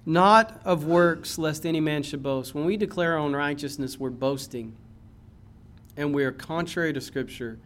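A man preaching a sermon in a church, impassioned, swinging from loud emphasis to low earnest tones. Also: moderate pace. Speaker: pastor.

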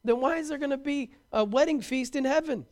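Male preacher, very high voice, animated sermon delivery with humor. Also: brisk.

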